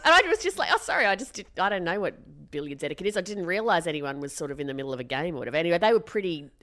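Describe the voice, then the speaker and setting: A woman's voice: lowish voice, racing, noisy background. A woman, co-hosting a podcast in casual chat and telling stories with a lot of laughter. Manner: animated storytelling, laughs often. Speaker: podcast co-host.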